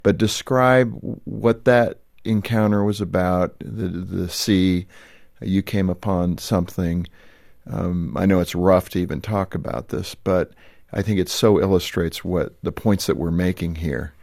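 A male radio host gently prompting a guest, speaking in a halting way. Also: deep voice, steady tone, gravelly, no room sound, studio quality. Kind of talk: radio interview.

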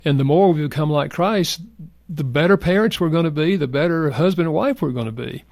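Un homme âgé, invité d'une émission, raconte avec sincérité et douceur une histoire personnelle. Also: male voice, fairly high pitch, a little fast, gravelly, no room sound. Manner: earnest, soft-spoken, reflective. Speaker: guest. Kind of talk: heartfelt personal storytelling.

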